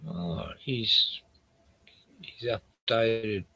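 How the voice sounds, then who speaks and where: A gravelly, husky Australian man talking slowly and loosely. He rambles and trails off as he hunts for something online, his low voice bright and edgy on top. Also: no room sound. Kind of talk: casual chat while searching online.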